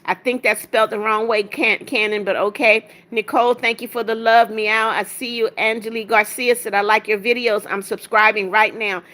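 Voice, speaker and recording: A woman with a bright, forceful voice pitched a little high hosts a live stream. She reads chat comments aloud, greets viewers with quick repeated hellos and sometimes trips over their names. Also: steady tone. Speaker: livestream host.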